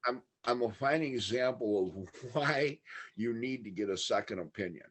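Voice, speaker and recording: A man's voice: medium pitch, moderate pace, fairly bright tone. Candid man recounting a long ordeal. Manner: candid, matter-of-fact retelling of a long ordeal. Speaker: podcast guest. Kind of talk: casual interview storytelling.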